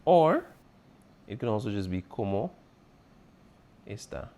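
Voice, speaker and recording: A man's voice: lowish voice, big pitch swings, measured pace, warm tone, slight background noise. A man as a teacher going over an exam review, patiently repeating key points and checking in with his students. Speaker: Spanish teacher.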